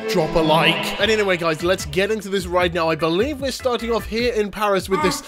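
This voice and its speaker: High-voiced young man with a cold. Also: fairly quick, loud music behind the voice. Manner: jokey, theatrical, swings between loud outbursts and mutters. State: has a cold. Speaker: gaming YouTuber. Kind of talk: energetic let's-play commentary.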